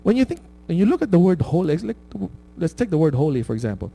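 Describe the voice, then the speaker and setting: A man delivering a relaxed, conversational sermon. His voice sits a bit high but sounds dark and mellow. He keeps checking in with his listeners and laughs easily at his own stories. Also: fast talker, husky, low-quality recording. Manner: conversational preaching with frequent "right?" tags. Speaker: pastor.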